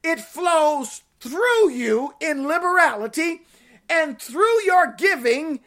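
A woman's voice: high voice, lively intonation, takes it slowly, fairly bright tone. A woman preaching a sermon, emphatic and exclamatory, repeating scripture phrases for emphasis.

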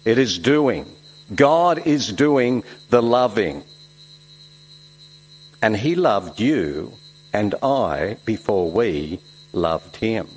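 Slow-paced preacher with hum. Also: male voice, on the low side, sing-song, slightly rough, poor audio. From Switzerland. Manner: emphatic, swings between loud exclamations and soft reflective asides. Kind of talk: sermon.

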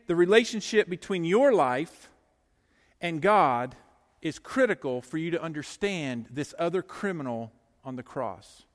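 A middle-aged man preaching a sermon to his congregation as their pastor. He tells stories in a lively, joking way and talks straight to the people in the pews. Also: a little high, in a large hall. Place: church sanctuary.

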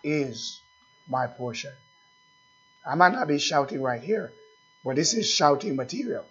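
Slow, husky preaching pastor. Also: male voice, a little high, sing-song, fairly bright tone, muffled recording. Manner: slow, repetitive preaching with questions to the congregation. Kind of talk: sermon.

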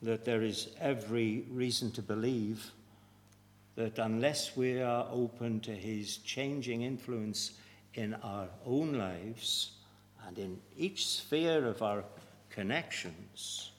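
A man preaching a sermon, deliberate and emphatic, with measured pauses. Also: medium pitch. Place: church. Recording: long reverb of a church hall.

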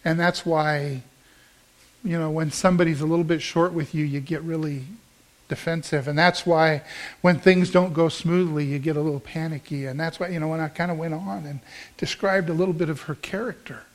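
Male pastor, middle-aged, high voice, conversational storytelling sermon. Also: steady tone, normal speed. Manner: storytelling, conversational with emphatic rises.

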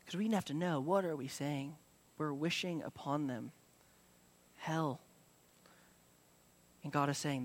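High-voiced man preaching conversationally. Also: slow pace, long pauses. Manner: conversational preaching with frequent fillers and restarts. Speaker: pastor. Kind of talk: sermon.

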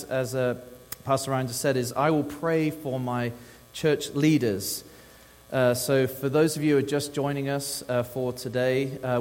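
A man's voice: mid-range voice, long reverb tail. A man from England with an English accent, a guest pastor giving a chatty, cheerful sermon and leading prayer in a church. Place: church sanctuary.

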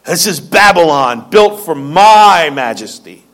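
A man preaching, voicing a proud ancient king who boasts slowly and grandly about his own greatness. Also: fairly high pitch, expressive, a bit bright, pitched below the performer's own voice. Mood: boastful. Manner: slow, declaiming, self-important. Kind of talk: sermon.

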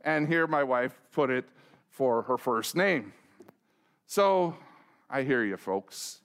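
A man's voice: mid-range voice, expressive, slow, fairly bright tone, clear, resonant tone. A middle-aged man preaching as a pastor, telling a self-deprecating story and asking the congregation direct questions. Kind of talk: sermon with a humorous personal story.

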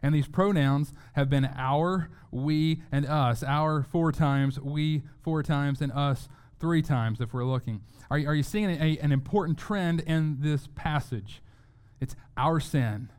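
Male pastor, sermon delivery, smooth resonant voice, earnest, repeats words for emphasis. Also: a little high, takes it slowly, darkish tone. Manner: earnest, repeats words when stressing a point.

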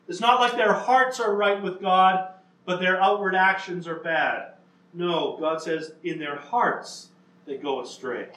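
Male preacher, emphatic sermon delivery, unhurried, roomy echo. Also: high voice, fairly bright tone, distant mic. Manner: earnest, emphatic, with slow stressed lines.

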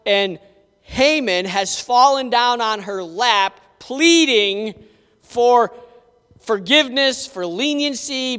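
High-voiced man preacher telling a Bible story. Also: slow pace, clean tone. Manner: animated and conversational, with asides to the listeners. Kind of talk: dramatic Bible storytelling sermon. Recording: echoey hall reverb.

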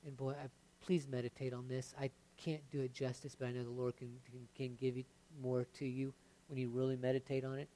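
Brisk and mid-range, a male pastor preaches in a conversational way, regularly asking "right?" and "okay?" as he shifts between vivid emphasis and gentle, earnest sections. A faint hiss or hum sits in the audio.

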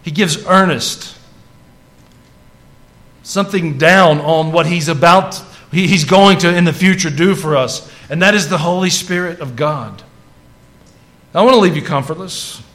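A pastor preaches to his congregation in a fairly bright, higher-pitched male voice, taking his time. He starts out casual and conversational, then builds to fervent emphasis on scripture.

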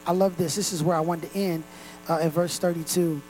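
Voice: mid-range voice, fairly even intonation, fairly quick, darkish tone, slight background noise, low-quality recording. A pastor preaching a sermon to a congregation in a room, earnest and direct.

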